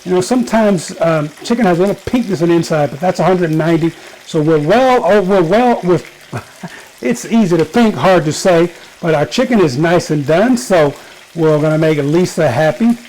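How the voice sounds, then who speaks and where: A man's voice: on the high side, animated, moderate pace, darkish tone. A man hosting a casual home cooking show, chatting to viewers and joking at himself as he cooks in his kitchen.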